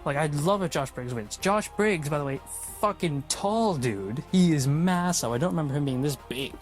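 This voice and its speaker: A man casually recapping a wrestling show, blunt, opinionated and quick to swear. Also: fairly high pitch, expressive, faint music behind.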